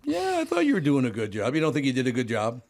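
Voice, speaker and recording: Man, radio show host, teasing, laughs often, casual banter, voice a bit higher from throat trouble. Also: huge pitch swings, fast talker, darkish tone. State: voice higher than usual from lingering throat trouble.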